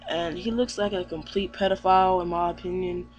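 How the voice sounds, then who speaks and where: A man's voice: sits high, little pitch movement, a little fast. A man giving a casual manga chapter recap, rambling with many fillers and self-corrections. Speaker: manga reviewer.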